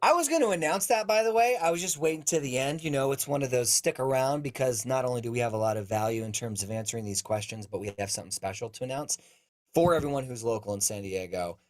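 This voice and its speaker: A man's voice: mid-range voice, fast. A man co-hosting a live Q&A over a video call, upbeat and joking, announcing schedules and encouraging viewers. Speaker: co-host of live Q&A. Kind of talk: casual live-stream chat.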